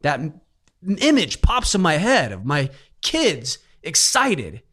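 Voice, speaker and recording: A middle-aged man with a slightly raised pitch tells a personal story on a podcast. His delivery is earnest and heartfelt, and it turns emotional in places. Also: huge pitch swings, takes it slowly, fairly bright tone, breathy edge. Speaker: podcast host. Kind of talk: casual podcast conversation.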